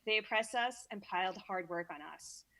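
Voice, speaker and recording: On a podcast, a woman with a Brooklyn accent serves as guest reader, mixing casual chat with scripture she reads aloud, marked by small stumbles and repeats. She's from Brooklyn, New York, and her medium-pitched, somewhat bright voice moves at a moderate pace.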